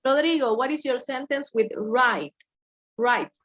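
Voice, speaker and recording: Slow, patient woman teacher. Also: high voice, a bit bright, lo-fi sound. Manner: patient, slow, correcting students step by step. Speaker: English teacher. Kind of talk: online class teaching. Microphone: video call.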